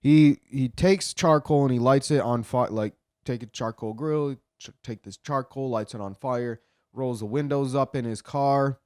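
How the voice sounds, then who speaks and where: A man's voice: mid-range voice, a little slow, a little mellow, smooth, dry recording, studio quality. A man retelling a story in casual commentary, swearing a lot and rambling with frequent restarts.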